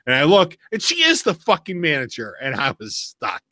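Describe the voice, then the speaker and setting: Bright-voiced man hosting a beer podcast. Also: a little high, fairly quick, no room sound. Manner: animated storyteller, swears freely. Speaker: podcast host. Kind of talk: casual chat.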